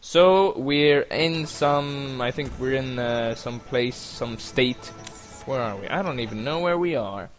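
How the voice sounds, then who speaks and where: A man giving casual, rambling gameplay commentary, joking along and bursting into panicked yelling now and then. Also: medium pitch, expressive, slow, few pauses, soft background music.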